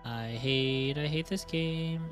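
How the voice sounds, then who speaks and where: A man's voice: a little high, slow pace, soft background music. A man streaming a survival game, grumbling and swearing about the jumps in casual chat. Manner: grumbling, swearing, frustrated rants.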